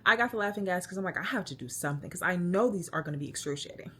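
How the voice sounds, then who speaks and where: A woman's voice: fairly low pitch, expressive, very fast, pushed and bright, slightly rough. A young woman vlogging her birth story, retelling it emotionally with lots of quoted speech. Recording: light background noise.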